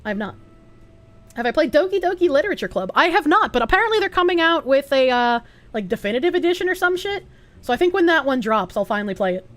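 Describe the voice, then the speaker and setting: Woman streamer with a fairly high voice. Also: very animated, fast talker, no echo, faint music behind. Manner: reads chat aloud and answers it, swears freely. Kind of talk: casual livestream chat.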